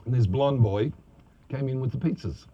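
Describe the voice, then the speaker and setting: A man's voice: medium pitch, moderate pace, husky, muffled recording. A man telling profane, laughing anecdotes about his acting days in a casual interview. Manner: profane, laughing, animated storyteller.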